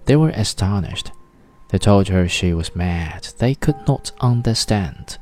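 A man reads a classic novel in a steady, measured narration. His voice sits very low, and a faint bed of music plays quietly beneath him. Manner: measured, literary storytelling. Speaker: audiobook narrator. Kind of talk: scripted narration.

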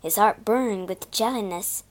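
A woman reading a storybook aloud to learners, clear and expressive. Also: medium pitch, a little slow. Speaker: storybook reader. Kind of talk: slow read-aloud story narration for learners.

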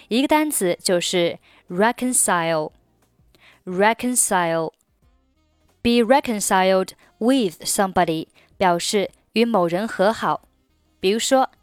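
Clear-voiced woman hosting an English lesson. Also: mid-range voice, no echo, clean studio sound. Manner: clear, explains each phrase in two languages. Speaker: spoken English teacher and host. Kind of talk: bilingual language lesson.

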